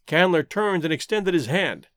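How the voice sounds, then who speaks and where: A man narrates an old adventure novel with an expressive, theatrical delivery. His voice sits high and moves a lot. The recording is dry and close. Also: normal speed, dry recording. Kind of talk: audiobook narration.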